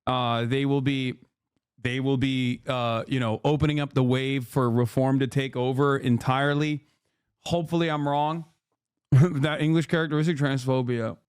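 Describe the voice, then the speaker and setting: A man's voice: medium pitch, steady tone, moderate pace, clean tone, dry recording, studio quality. A man streaming political commentary in a casual, rambling, mocking way, cursing and repeating himself. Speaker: streamer reacting to news.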